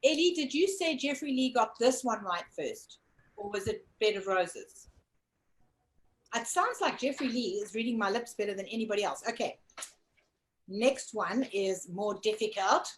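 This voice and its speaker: A woman's voice: medium pitch, lively intonation, moderate pace, a little hiss or hum, rough recording. A woman co-hosting a casual online lip-reading game, coaxing viewers to guess over a video call. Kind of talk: casual live-stream game chat.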